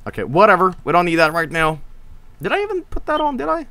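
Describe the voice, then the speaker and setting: Excitable swearing man streaming a game. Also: high-pitched, fast talker. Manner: excitable, swearing, jumps to shouting in combat. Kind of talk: casual gameplay commentary.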